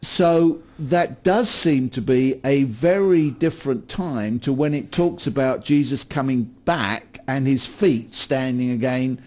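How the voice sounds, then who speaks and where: A man's voice: mid-range voice, slow pace, few pauses, a little mellow. A man hosting a studio conversation on scripture, asking long, rambling questions with many restarts. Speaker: program host.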